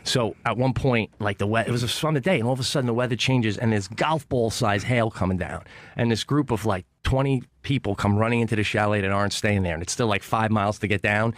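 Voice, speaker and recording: A man telling a story on a talk radio show, fast and animated with lots of swearing, in a radio studio. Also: on the low side, no room sound. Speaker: guest comedian.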